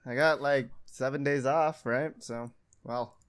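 A man's voice: medium pitch, fairly even intonation, measured pace, clean tone. Laid back guy chatting with a buddy, medium voice, laughs easy. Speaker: friend chatting. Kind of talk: casual chat.

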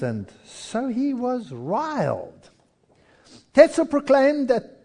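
Man, preacher, sermon, high voice, lively swooping delivery, storytelling. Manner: storytelling, animated, acts out voices.

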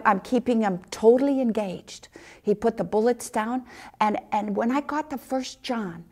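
A middle-aged woman telling a personal missionary story, acting out the dialogue with big jumps in pitch.

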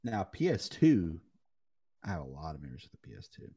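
Animated young man telling gaming stories. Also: low-pitched, fairly quick, slightly rough. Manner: animated storytelling, swearing. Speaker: podcast co-host. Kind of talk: casual gaming chat.

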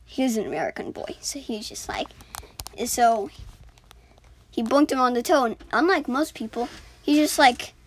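A woman's voice: a little high, normal speed, pauses often, a little hiss or hum. A woman improvising a story as a storyteller, rambling with many fillers and restarts.

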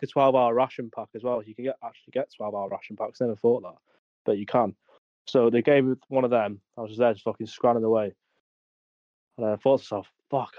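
A young man with a mid-pitched voice tells a rowdy, sweary army story on a podcast, laughing through it. The sound is dry and dull, like a lo-fi home recording. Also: no echo. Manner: sweary, laughing anecdote-telling. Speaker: podcast co-host. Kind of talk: casual storytelling.

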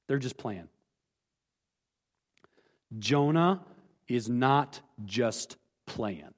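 A male pastor preaching a candid, emphatic sermon, dropping suddenly quiet for personal admissions, in a church. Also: a little high, long reverb tail. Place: church sanctuary.

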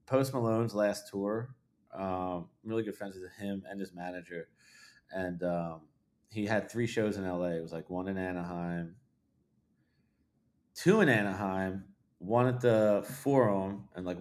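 A man with a fairly low voice tells loose, profane stories in a relaxed podcast chat. He rambles with plenty of fillers and restarts. He drops into hushed asides, then jumps into loud, excited bursts. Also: a little slow. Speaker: podcast guest, videographer. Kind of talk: casual storytelling chat.

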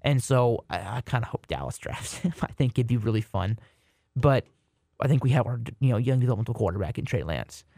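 Young man, sports podcast co-host, casual joking chat, dry close sound, middle pitch. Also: a little fast, creaky, no echo. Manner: animated, joking, rambling with restarts.

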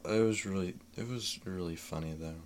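A man's voice: deep voice, brisk, slight background noise. A young man in casual chat, telling a funny story with frequent laughs. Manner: laughs often, animated storytelling.

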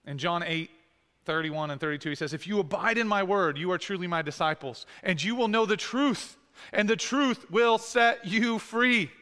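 A male preacher with a high, bright voice delivers an earnest sermon. He pleads with his listeners and presses them with direct questions. His voice rings out through a reverberant church hall. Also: normal speed, smooth.

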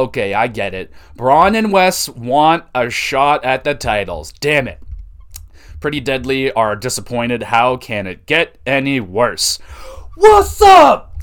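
Excitable man recapping wrestling shows. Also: mid-range voice. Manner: excitable, swears freely, quick reactions. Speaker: podcast host.

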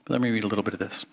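A man's voice: on the low side, gravelly, fairly bright tone. A male pastor delivering an earnest, conversational sermon and reading aloud from a book, with frequent fillers.

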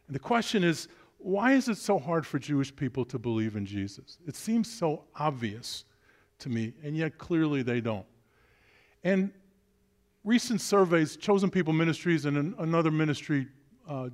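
A man preaching as a guest speaker. His voice sits on the higher side for a man. He is chatty and jokes with the congregation. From Brooklyn, New York. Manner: chatty, joking, addresses the audience directly. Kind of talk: sermon.

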